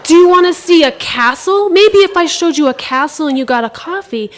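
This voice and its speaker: A woman's voice: very high-pitched, a little fast, crowd noise, noisy background, pitched above the performer's own voice. A woman storyteller quoting a pushy, insistent man who keeps coaxing her, in her own voice.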